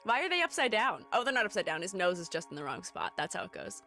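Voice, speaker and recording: Chatty woman streamer, lively pitch. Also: fast talker, soft background music. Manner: chatty, reads chat aloud, laughs often. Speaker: streamer and art educator. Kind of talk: casual live-stream chat.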